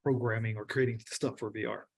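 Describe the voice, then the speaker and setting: A man's voice: lowish voice, steady tone, a little fast, creaky, a crowd in the background. A man, a workshop participant, introducing himself in a friendly way over a video call. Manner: friendly, laughs easily. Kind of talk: casual self-introduction.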